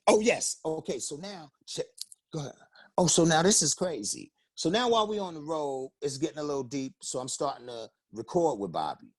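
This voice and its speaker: His voice sits on the high side, a little fast and breathy, on a dry recording. A rapper and singer from the Bronx, he's an interview guest telling casual stories with lively energy, acting out quotes loudly.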